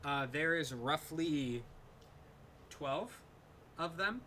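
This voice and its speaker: A man narrating as game master of a tabletop game, unhurried and hesitant with many fillers. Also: fairly high pitch, lively intonation, sharp tone, a little hiss or hum.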